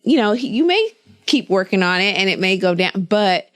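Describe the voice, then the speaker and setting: A woman co-hosting a casual business chat, telling stories in an animated way. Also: medium pitch, moderate pace. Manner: animated storyteller. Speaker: co-host.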